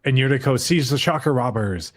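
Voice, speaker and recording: A man's voice: mid-range voice, fairly quick. A man co-hosting a podcast, casually recapping an anime episode in a loose, joking way with some profanity. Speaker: podcast co-host.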